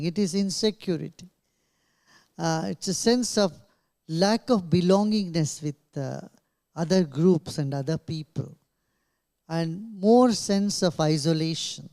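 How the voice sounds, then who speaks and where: Guest speaker, man, very unhurried, measured delivery with pauses, press room. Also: sits high, smooth. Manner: slow, measured, with many pauses and soft laughs. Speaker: invited speaker. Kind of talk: press conference answers. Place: press club conference room.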